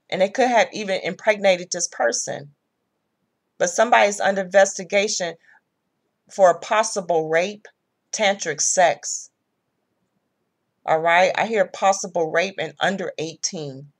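A woman's voice: fairly low pitch, unhurried, long pauses. Blunt, profane woman tarot reader. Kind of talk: casual tarot reading.

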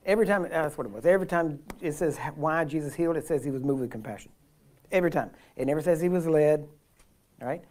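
A man's voice: on the high side, fast talker, darkish tone. Man teaching a conversational sermon. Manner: conversational, asks the audience "right?" often, emphatic. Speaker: minister teaching on healing.

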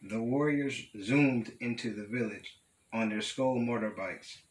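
A young male student reading a children's picture book aloud at a steady, careful pace. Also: mid-range voice, a little slow, echoey room, poor audio. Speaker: student storyteller.

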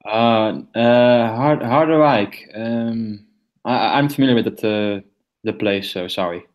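A man's voice: fairly low pitch, measured pace, highs cut off. Hesitant man with a southern Dutch accent. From North Brabant, the Netherlands. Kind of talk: casual group chat.

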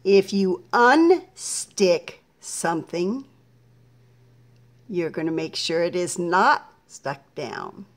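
Woman teacher, middle-aged, slightly low voice, very slow and patient, splitting children's words into syllables. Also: expressive. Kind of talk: slow phonics lesson for young children.

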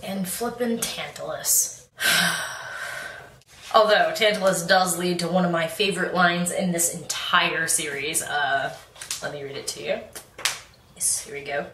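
A woman's voice: lowish voice, lively intonation, unhurried, pushed and bright, distant mic, a little hiss or hum. A young woman chatting casually in a book review vlog, bubbly and rambling, with plenty of restarts and laughs. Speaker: book vlogger. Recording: echoey room, away from the mic.

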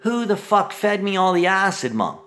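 A middle-aged man in a rambling monologue, agitated and profane, swinging between shouting and muttering. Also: high voice, big pitch swings, moderate pace.

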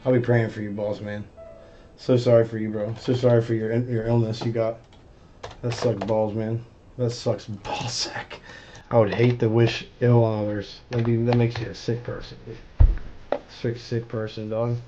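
A man streaming live, ranting angrily and swearing nonstop, with yelling outbursts. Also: medium pitch, flat delivery, moderate pace, highs cut off, background noise. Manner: profane, swears constantly. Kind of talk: angry stream rant.

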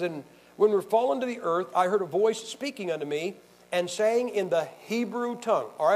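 Preacher guy with a higher voice, quizzing his class, sarcastic and punchy. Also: a little mellow, poor audio. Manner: combative, sarcastic, quizzes the audience. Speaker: pastor. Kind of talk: bible teaching to a class.

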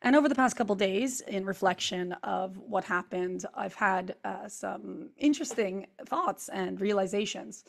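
A woman vlogger, hoarse from screaming, telling a story to camera in an animated, run-on way with lots of fillers. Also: mid-range voice, unhurried, few pauses. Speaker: spiritual vlogger.

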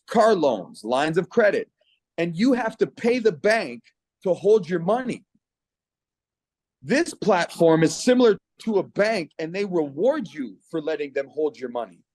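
A middle-aged Canadian man gives a personal testimonial as a guest on a video call, earnest and persuasive. His fairly high, slightly mellow voice catches with feeling, and the sound is close and dry with no echo or room around it.

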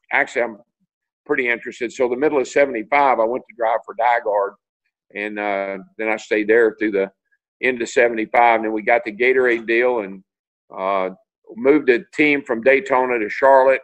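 An older man from Tennessee spins rambling stories over a video call, stumbling and restarting as he goes. He jumps way up in pitch whenever he acts out what other people said. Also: low-quality recording. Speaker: interview guest, retired racing driver. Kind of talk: storytelling in a video call interview.

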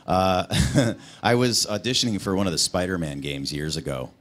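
Deep male voice actor fielding fan questions on a convention panel, loose and jokey. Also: moderate pace, a bit bright. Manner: joking, self-deprecating, laughs often. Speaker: guest voice actor.

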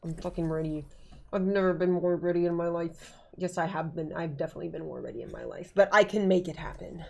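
A woman streaming a game, chatting casually, excitable and joking with herself, swearing often. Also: on the low side, fast, creaky. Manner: excitable, swears a lot, jokey self-talk. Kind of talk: casual gaming stream chat.

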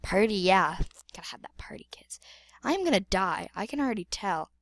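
A woman's voice: medium pitch, big pitch swings, fairly quick, vocal fry. A woman giving playful, dramatic gameplay commentary, exclaiming and repeating words. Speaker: gamer.

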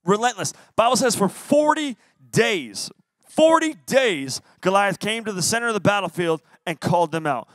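A young man, a youth pastor, giving a lively sermon to teens and playfully acting out quotes. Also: high-pitched, normal speed, dry recording. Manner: playful, acts out voices and quotes. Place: church youth service.

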